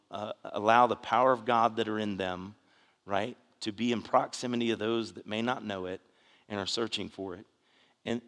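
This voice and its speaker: In a church sanctuary, a male pastor preaches with a medium-pitched, slightly bright voice that trails off into long reverb. His earnest, conversational sermon tells stories full of restarts, "you know," and asides to the congregation.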